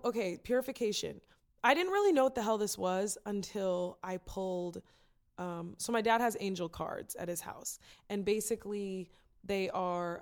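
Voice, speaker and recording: A woman chatting casually, telling a personal story with lively acted-out quotes. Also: on the low side. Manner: animated storyteller, acts out quotes. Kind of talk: casual chat.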